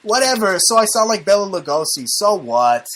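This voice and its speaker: Loud mouthed guy hosting his talk show, cussing and cracking jokes, kinda high voice. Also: sing-song, moderate pace. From United States. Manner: brash, profane, mocking banter. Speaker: show host. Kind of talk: casual conspiracy talk show chat.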